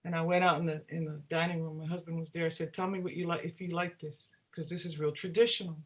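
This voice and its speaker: Musician lady telling stories on an interview, animated, acts out what people said. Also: fairly low pitch, fast talker. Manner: animated, acts out quoted dialogue. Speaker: singer-songwriter guest. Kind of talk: storytelling in a casual interview.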